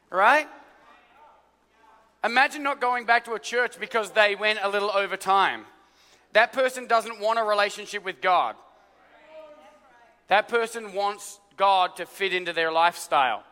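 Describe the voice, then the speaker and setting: A man preaching a sermon as pastor, telling stories in an animated way and acting out voices. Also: sits high, normal speed. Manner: animated storytelling with acted-out voices. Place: large church hall. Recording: live church hall reverb.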